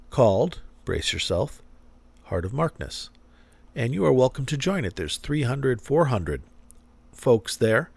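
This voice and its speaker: A man's voice: lowish voice, no echo. A man hosting his own podcast, chatting casually and rambling with self-deprecating humor and the odd swear word. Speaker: podcast host. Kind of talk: casual solo podcast chat.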